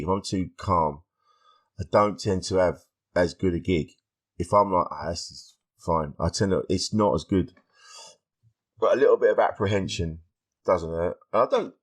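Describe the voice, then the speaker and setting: A man, a stand-up comedian guest on a podcast, telling stories in a lively way and acting out the voices of people he quotes. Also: fairly low pitch. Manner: animated storytelling, acts out quoted voices. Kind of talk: casual podcast interview.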